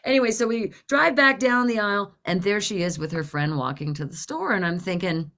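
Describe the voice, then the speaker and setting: A woman in her forties, co-hosting a casual chat, telling a story with animated delivery, swearing freely and acting out the people in it. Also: mid-range voice, a little fast, hardly any pauses. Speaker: podcast co-host.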